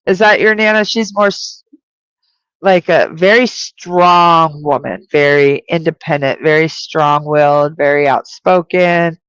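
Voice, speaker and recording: A woman's voice: deep voice, a little slow, a bit bright, smooth, no room sound, rough recording. A woman working as a psychic medium who gives a live-streamed spirit reading. She talks in a chatty, rambling way, full of "like," with light laughter.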